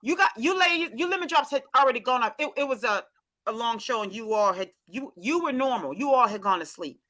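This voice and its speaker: An American woman hosts a casual chat with a high, bright voice that leaps up and down in pitch. She talks in animated, exclamatory bursts, stumbling and restarting mid-sentence. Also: brisk. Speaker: host. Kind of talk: casual group chat show.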